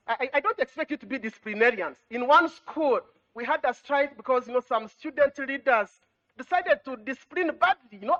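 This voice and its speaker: A woman's voice: sits high, a bit bright, highs cut off. A woman, an education official addressing students, repeating points, asking rhetorical questions and often saying "you know.". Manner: exhorting, repetitive, with rhetorical questions; frequent "you know" fillers.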